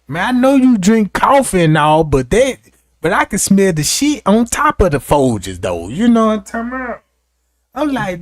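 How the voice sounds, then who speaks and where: A young man with a high and very lively voice tells a raunchy comic story, constantly checking in with the listener. His delivery is loose and profane, with big swings in his pitch. The sound is dry and close. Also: normal speed, no room sound. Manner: animated, profane, keeps asking "you know what I'm talking about". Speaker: streamer telling a story. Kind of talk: comedic storytelling.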